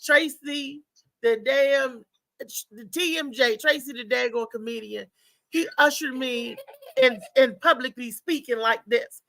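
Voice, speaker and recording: A woman's voice: high-pitched, measured pace, vocal fry, fairly bright tone, no room sound, rough recording. A woman hosting a live show, chatting loosely and talking straight to her viewers. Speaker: host. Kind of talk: casual live show chat.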